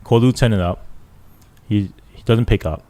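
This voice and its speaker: A man's voice: lowish voice, moderate pace. A police sergeant, a man, tells a story in casual podcast talk, acting out the dialogue and often checking in with "right?". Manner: animated retelling, acts out quoted dialogue, keeps checking in with "right?".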